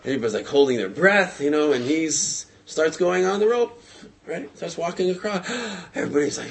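A man telling a parable to a group in an animated storytelling talk, repeating words for effect. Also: on the high side, fairly quick.

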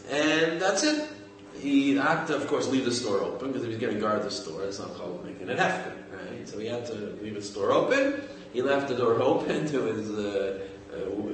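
A man telling a story in a halting, conversational way, often restarting his phrases. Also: medium pitch. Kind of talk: informal oral storytelling. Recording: echoey room, mic far off, faint background noise.

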